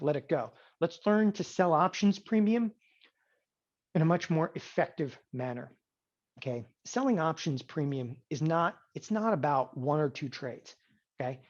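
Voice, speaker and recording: A man teaching an options trading class, animated and sarcastic, often acting out students' voices. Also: on the high side. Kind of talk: classroom lecture. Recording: dull lo-fi sound.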